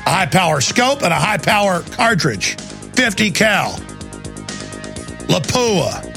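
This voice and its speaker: A man's voice: sits high, big pitch swings, slow pace, vocal fry, over music. A man hosting a talk radio show, ranting emphatically and hammering key words over and over.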